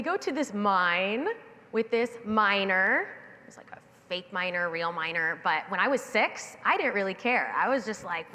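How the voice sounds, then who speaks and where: A woman tells a story from a conference stage, jumping into the voices of the people in it. Her pitch sits in a middle range, and her words ring out with the long reverb of a big hall. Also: unhurried. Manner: animated, acting out the voices in her anecdote. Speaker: keynote speaker. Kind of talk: storytelling keynote talk. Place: stage in a large event hall.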